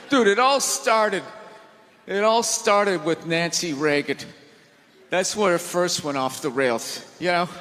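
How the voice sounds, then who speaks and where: A man doing a live stand-up set, ranting loudly with lots of profanity in a large theater. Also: sits high, takes it slowly, pauses often, slight background noise. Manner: loud ranting delivery with profanity. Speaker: stand-up comedian. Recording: live theater recording with long reverb and faint crowd.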